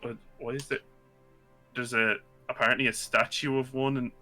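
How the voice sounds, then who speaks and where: A man's voice: medium pitch, level tone, normal speed, bright, forceful tone, faint music behind. A young man chatting casually as co-host, rambling and laughing, now and then swearing. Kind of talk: casual chat.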